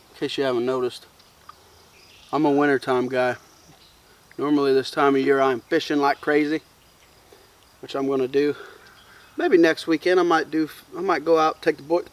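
A man, chatting casually to camera at a woodland campsite in a relaxed, rambling way. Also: a little high, moderate pace, pauses often. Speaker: bushcraft vlogger. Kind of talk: casual campfire chat to camera. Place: outdoors in the woods at a campsite. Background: crickets and insects.

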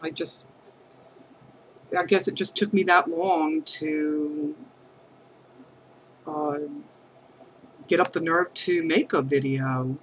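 A woman crafting vlogger talking heartfelt to camera, hesitant and halting, earnest and emotional. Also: low-pitched, fairly even intonation, slight background noise, rough recording. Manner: emotional, affectionate.

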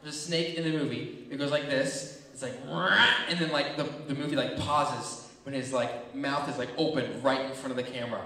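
A young man telling children a funny story from his childhood, animated and acting out screams and voices. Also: medium pitch, fairly quick, few pauses. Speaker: children's ministry speaker. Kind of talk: storytelling to kids. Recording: echoey hall from far off.

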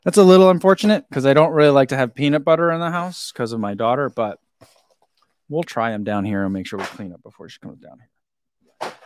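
A man's voice: mid-range voice, a little fast, slight background noise. A man chatting casually as he unboxes and tastes a snack, giggling now and then and talking between bites. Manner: chatty, giggly, talks while chewing. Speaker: vlogger reviewing a snack.

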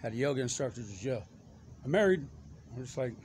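A man's voice: medium pitch, fairly even intonation, very fast, darkish tone, slight background noise. A man talking in a loose, rambling monologue, jumping from one topic to the next. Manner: stream-of-consciousness, jumping between topics.

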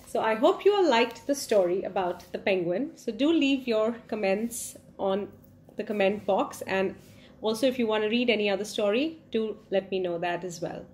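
A woman reading a picture book aloud to children, expressive and full of questions for her young listeners. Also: mid-range voice, normal speed, a little hiss or hum. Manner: expressive, asks the children questions, gasps in surprise. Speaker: storyteller for children.

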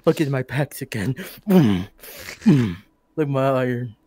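A man in a VR roleplay flatly repeating lines fed to him. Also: mid-range voice, measured pace, slightly rough, no echo. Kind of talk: improvised roleplay in character.

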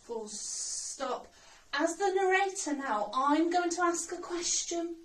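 A woman's voice: extremely high pitch, animated, takes it slowly. A woman teaching a recorded primary school writing lesson, sounding out words letter by letter. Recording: roomy sound, mic at a distance.

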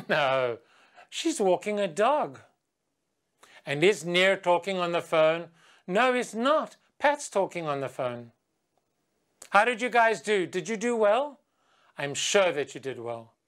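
Woman teacher, very slow speech, patient and clear, quiz questions for kids. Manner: patient, asks quiz questions and chants with the class; sings a chant in a higher, lively voice. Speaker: English teacher. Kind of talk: slow, clear classroom instruction for children. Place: remote video lesson.

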